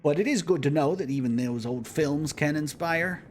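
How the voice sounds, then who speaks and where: A man's voice: fairly high pitch, moderate pace, a little mellow, a little hiss or hum, pitched above the performer's own voice, close to an everyday voice. A man voicing a boastful, jovial celebrity explorer who speaks in a grand, self-satisfied way. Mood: pompous.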